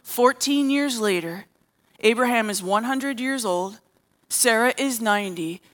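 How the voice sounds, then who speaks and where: Woman preacher with a high voice, delivers a sermon by retelling stories and voicing the characters. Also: unhurried, a bit bright. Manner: storytelling, acting out quoted characters. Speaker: preacher and therapist.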